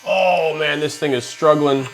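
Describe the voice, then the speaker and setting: A man's voice: a little high, fairly even intonation, a little slow, a little hiss or hum. A young man from New Hampshire chatting to camera in a casual home vlog, joking as he works. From New Hampshire, USA. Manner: chatty, jokey, talks to camera while working. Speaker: fish-keeping vlogger. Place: home basement and rooms.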